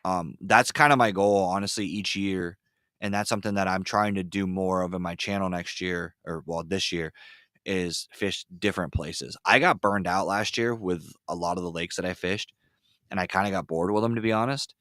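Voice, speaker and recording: A man with a very low voice hosts a relaxed podcast. He rambles through stories with plenty of fillers and gets excited as he retells them. The sound is dry and close. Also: moderate pace, no echo. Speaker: podcast host. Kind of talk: casual chat. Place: ice fishing shanty.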